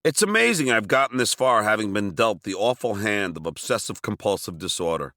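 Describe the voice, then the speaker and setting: A man from Long Island reading his own memoir aloud, telling it with wry, self-mocking humor and bursts of shouted dialogue. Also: on the low side, expressive, fairly quick, dry recording, studio quality. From Long Island, New York. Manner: wry, self-mocking comic storytelling with sudden shouted quotes. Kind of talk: audiobook memoir narration.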